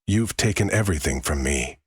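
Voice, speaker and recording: A man with a husky voice voicing a defiant young bride in a dry, close recording. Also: very deep voice, lively intonation, a little fast, dry recording, full character voice.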